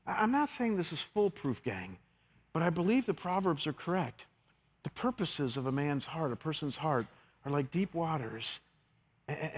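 A middle-aged man preaching a sermon as a pastor, telling candid personal stories and moving between loud re-enactments and quiet reflection. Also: mid-range voice. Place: church sanctuary. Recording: long hall reverb.

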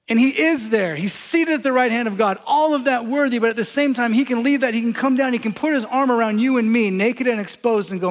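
A man's voice: very high-pitched, long reverb tail. A man preaching a sermon in a conversational way, asking the congregation questions as he explains scripture. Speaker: pastor.

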